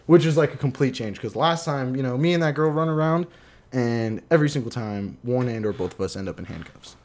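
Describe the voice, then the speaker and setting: A man's voice: mid-range voice, fairly quick, darkish tone. A man telling a long story on a casual podcast, swearing freely and acting out what people said. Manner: profane, rambling, acts out quotes. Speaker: podcast co-host.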